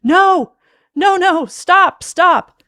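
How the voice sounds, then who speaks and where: A woman's voice: mid-range voice, takes it slowly, gravelly, darkish tone, slightly rough, exaggerated voice. A woman reading a story aloud, voicing a terrified young husband who pleads and then screams in panic. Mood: screaming.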